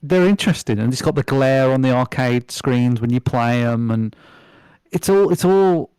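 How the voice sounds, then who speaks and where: A man talks in a loose, rambling way, full of fillers and restarts, and he swears freely. His pitch sits in the middle range. The sound is dry and close, with no room echo. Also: animated, moderate pace, darkish tone, clear, resonant tone. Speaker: podcast guest. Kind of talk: casual chat.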